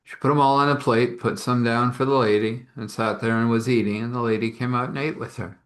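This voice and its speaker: A man's voice: medium pitch, fairly even intonation, a little fast, a bit bright. A man narrating an improvised story in a casual, rambling way, full of chatty asides.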